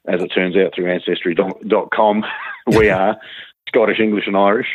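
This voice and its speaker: Low voiced guy rambling with lots of restarts, sounds like a phone line. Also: little pitch movement, husky, dry recording. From Australia. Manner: halting, many restarts and fillers. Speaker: guitarist guest. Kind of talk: casual interview chat.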